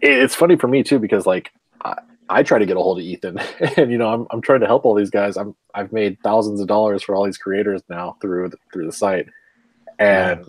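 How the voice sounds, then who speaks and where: A man's voice: fairly low pitch, fairly quick, no echo, rough recording. A man chatting casually in a group call, rambling and self-deprecating, laughing often. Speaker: comics website runner.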